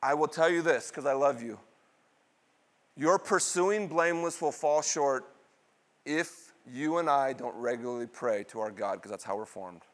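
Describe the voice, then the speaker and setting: A middle-aged man preaching a sermon, asking the congregation questions and answering them, with dramatic swings between loud bursts and quiet, low asides. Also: moderate pace. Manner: call-and-response questions, dramatic swings in pitch and loudness. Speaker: pastor.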